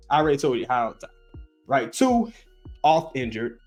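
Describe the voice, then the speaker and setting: A man hosting a sports show, ranting in a profane, rambling, animated way. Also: mid-range voice, normal speed, long pauses, soft background music. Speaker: podcast host. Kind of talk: casual sports rant.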